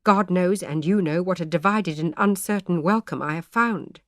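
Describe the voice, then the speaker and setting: A woman's voice: lowish voice, normal speed, dry recording, clean studio sound, close to an everyday voice. A woman reading the lines of a troubled, devout male parson in grave, formal old speech.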